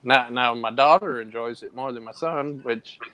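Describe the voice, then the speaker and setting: A man on a casual livestream panel, telling a story about his children with lively, animated delivery. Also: medium pitch, normal speed, dry recording, low-quality recording. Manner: animated storytelling, mimics voices. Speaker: panel guest.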